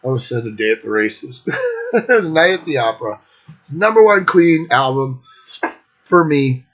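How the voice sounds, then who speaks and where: A man with a slightly high voice gives a casual, blunt album review on his own show, swearing freely. His talk stays enthusiastic and unfiltered. The recording sounds dull and lo-fi. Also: sing-song, a little slow, fairly bright tone. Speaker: music show host.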